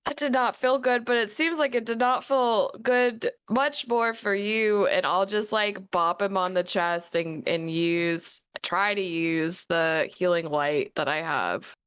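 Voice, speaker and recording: A woman plays a tabletop game in a casual, joking way, laughing often and swearing loosely. Her voice is smooth and clear, though the recording sounds dull. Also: medium pitch, fairly even intonation, unhurried, hardly any pauses, a bit bright, dry recording. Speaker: player.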